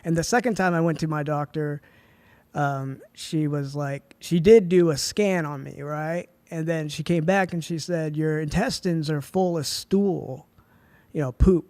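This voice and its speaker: Young guy on a podcast, kinda high voice, laid-back storytelling, dry close sound. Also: a little slow, a little mellow, dry recording. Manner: laid-back, heavy on "like" and "dude". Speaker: podcast guest. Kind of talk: casual storytelling.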